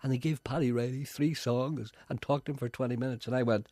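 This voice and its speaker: A man's voice: medium pitch, fast talker, no echo, clean studio sound. A middle-aged man, a radio presenter chatting comically and slipping into mock voices. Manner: animated, slips into mock voices.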